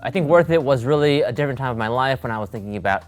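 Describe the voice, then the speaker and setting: A man's voice: medium pitch, expressive, racing, hardly any pauses. Male co-host, mid-range voice, easygoing and self-deprecating, casual office banter. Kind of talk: casual chat.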